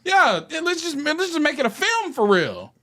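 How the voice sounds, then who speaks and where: A man's voice: very high voice, huge pitch swings, moderate pace, sharp tone. A man co-hosting a comedy podcast, talking casually and profanely, laughing often as he rants about a movie. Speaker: podcast co-host.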